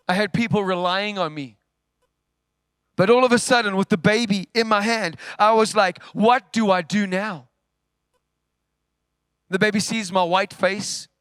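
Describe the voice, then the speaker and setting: A man preaching a sermon, telling a story with big swings from loud, forceful lines to hushed ones. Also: sits high, clean tone, dry recording. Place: church.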